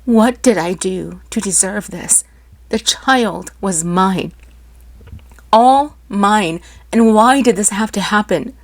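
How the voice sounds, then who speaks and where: A woman's voice: medium pitch, slow pace. A woman narrating a first-person story with an emotional, dramatic delivery.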